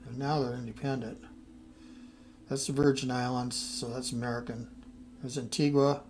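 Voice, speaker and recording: Man, middle-aged, thinking aloud, trailing off, strategy game commentary, soft music behind. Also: mid-range voice.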